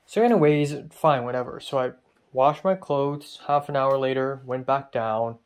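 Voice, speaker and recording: A man's voice: medium pitch, moderate pace, clean tone. A young man talking straight to camera in a casual vlog, ranting with frustration and swearing freely. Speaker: vlogger.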